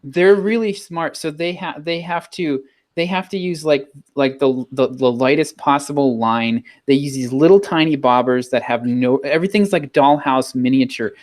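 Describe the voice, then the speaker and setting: Male podcast co-host, mid-pitched voice, animated casual storyteller. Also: moderate pace, few pauses. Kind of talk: casual chat.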